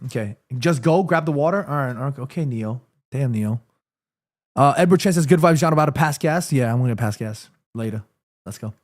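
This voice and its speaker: With an animated, medium-pitched voice at a fairly quick pace, a host streams a casual watchalong from his home room. Nursing a sore throat, he chats, reads out chat messages, and eats in between lines.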